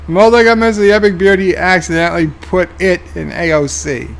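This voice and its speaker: A man streaming a game reads viewer chat aloud and answers with dry, offhand remarks. His voice sits a little higher than most men's and carries a gravelly fry. He sounds tired. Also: fairly even intonation, brisk. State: tired, yawning. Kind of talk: casual live-stream commentary.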